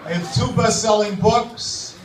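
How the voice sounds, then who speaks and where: A man's voice: sits high, measured pace, over a noisy crowd, heavy background noise. A man doing crude stand-up comedy in a club, dry and sardonic. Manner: sardonic, crude deadpan jokes. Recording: echoey club from far off.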